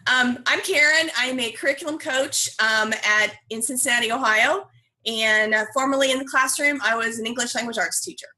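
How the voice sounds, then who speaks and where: A woman's voice: a little high, normal speed, bright, forceful tone. A woman curriculum coach introducing herself lightly over a video call.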